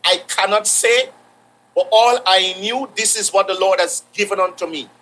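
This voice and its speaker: A man's voice: high voice, normal speed, a bit bright, slight background noise, rough recording. A man preaching a sermon, repeating phrases for emphasis and quoting scripture.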